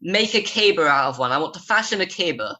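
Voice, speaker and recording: Bright, lively man playing a tabletop game. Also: on the high side, fast, dull audio. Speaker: player.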